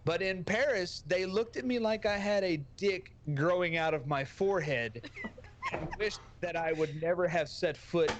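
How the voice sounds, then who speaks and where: A man's voice: sits high, normal speed, muffled recording, a little hiss or hum. A man with a Texan accent, a streamer guest telling a brash, profane, joking story on a podcast.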